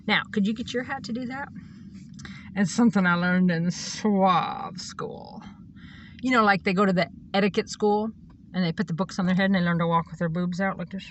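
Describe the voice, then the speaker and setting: Calling herself a psychic and a reverend, a woman launches into a rambling, blunt, swear-laden rant delivered with emphasis. She speaks in a mid-range, fairly bright voice at a moderate pace with long pauses, over a faint hiss or hum.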